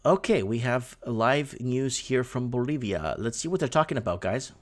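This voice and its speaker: A man's voice: medium pitch, animated, normal speed. A man hosting a casual online show, chatting loosely as he reacts to foreign news clips and translates them on the fly. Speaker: host. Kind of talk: casual commentary over live news.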